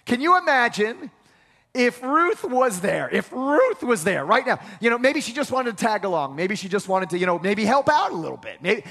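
A man's voice: extremely high pitch, sing-song, normal speed, creaky, sharp tone, in a large hall. A male pastor preaching a sermon in a conversational way, with acted-out asides, in a church sanctuary.

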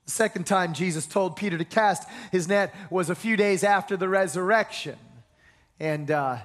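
A man preaching a sermon, animated, repeating key phrases and leading his congregation in call-and-response. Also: high voice, moderate pace.

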